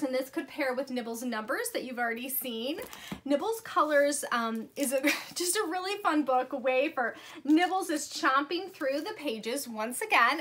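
Woman, book consultant, upbeat show-and-tell, slightly high and bright, faint hiss underneath. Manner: enthusiastic, gushing, with frequent ums. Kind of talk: casual product showcase.

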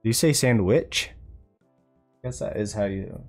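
A man's voice: on the low side, fast, vocal fry, darkish tone, soft background music. A man streaming live, chatting casually in a laid-back, rambling way with frequent chuckles. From North Carolina.

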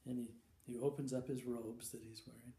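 A man spinning a long shaggy-dog joke in a halting, stop-start way, repeating his words and chuckling along. His voice is mellow and dark. An echoey room and a faint hum of ambience sit around him. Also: medium pitch, flat delivery. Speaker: joke teller.

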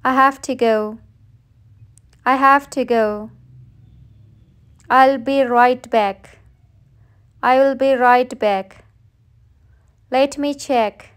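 A woman English teacher reading short everyday phrases aloud for learners, saying each one slowly and plainly, often twice. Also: high-pitched. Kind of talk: slow read-aloud phrase drill.

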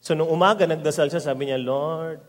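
A man with a Filipino accent preaching a lively sermon, mixing storytelling and teaching. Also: on the high side, moderate pace. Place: large worship hall. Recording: long hall reverb.

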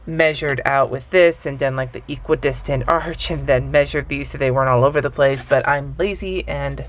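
A woman's voice: very deep voice, normal speed. A young adult woman teaching hand lettering in a casual, offhand, self-deprecating way while she draws. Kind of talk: casual tutorial talk while drawing.

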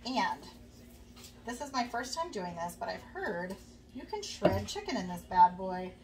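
A woman's voice: mid-range voice, sing-song, a little slow, a little mellow. Chatty woman cooking in her home kitchen. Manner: friendly, rambling, many fillers, talks to viewers. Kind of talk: casual chatty cooking demo. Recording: faint background noise, a bit distant from the mic.

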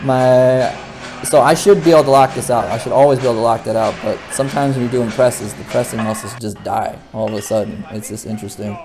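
A young man who vlogs about weightlifting, explaining his training in a relaxed, rambling way with frequent restarts. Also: medium pitch. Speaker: weightlifter vlogger. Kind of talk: casual training talk to camera.

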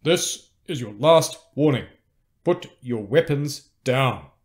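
A man narrating an audiobook, voicing a deep-voiced enemy commander who barks threats. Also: expressive, slow. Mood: menacing. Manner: loud, threatening.

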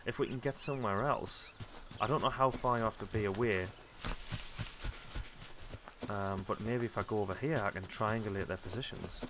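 Lowish man muttering game commentary. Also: moderate pace, noisy background. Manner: chatty, muttering to himself, self-mocking. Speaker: let's play commentator. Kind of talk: casual gameplay commentary.

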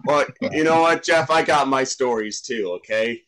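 A man's voice: mid-range voice, normal speed, fairly bright tone. A man on a watch-along panel, chatting in a playful, teasing, jokey way over a remote video call. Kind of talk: jokey casual chat.

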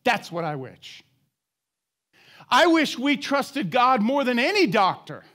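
High-voiced preacher with a lively delivery. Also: male voice, slow pace. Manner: conversational preaching with rhetorical questions and call-and-response. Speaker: pastor. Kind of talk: sermon. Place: church sanctuary.

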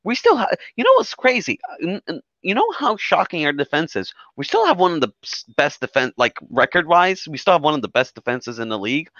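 Animated bright-voiced man ranting. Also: fairly high pitch, fairly quick, hardly any pauses, no echo. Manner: animated, swearing, keeps asking 'you know what I mean'. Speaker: co-host fan. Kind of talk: casual football rant. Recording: dry lo-fi audio.

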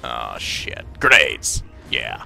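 Guy doing a super low rumbly soldier voice, cocky and crude, gritty and biting, trash talking through a shooter. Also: wildly swooping pitch, slow pace, pushed and bright, faint music behind, exaggerated voice. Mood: swaggering. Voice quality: deep gravelly put-on voice. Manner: brash, profane, yelps when startled. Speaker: let's play gamer. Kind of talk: comedic gameplay commentary in character.

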